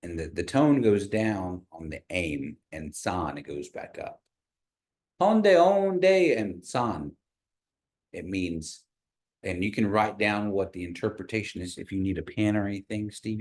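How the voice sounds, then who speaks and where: Patient low-voiced man teaching a class. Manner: patient, encouraging, slows down to model tones. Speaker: language teacher.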